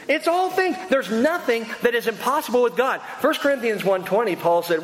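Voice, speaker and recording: A middle-aged male pastor preaching in a church hall, chatty and animated, laughing easily as he acts out the story. His high, lively voice jumps around, carried by a long echo and a faint background hiss. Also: moderate pace. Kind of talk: sermon. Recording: echoey hall with faint noise.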